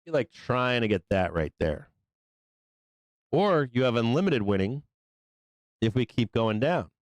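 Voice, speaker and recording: A man hosting a live stock market show, talking through trades in a loose, profane, excitable way. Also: mid-range voice, unhurried, no room sound. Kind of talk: live trading commentary.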